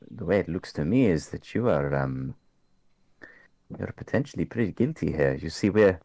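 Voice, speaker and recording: A man's voice: extremely low pitch, darkish tone, no room sound. A man voicing sly investigator Cascus. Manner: coaxing, probing questions. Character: probing male investigator named Cascus, sly.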